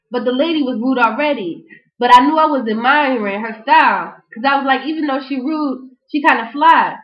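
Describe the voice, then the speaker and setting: Young woman vlogger, high voice, slangy animated storytelling, dull lo-fi recording. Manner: animated, slangy, frequent "you know what I'm saying". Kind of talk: casual storytelling and freestyle rap.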